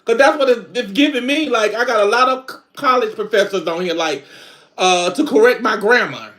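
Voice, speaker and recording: A man's voice: high voice, moderate pace, fairly bright tone. A man playing a sassy middle-aged country woman, chatting in country slang on a live stream. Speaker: livestream host. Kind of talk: casual live-stream chat.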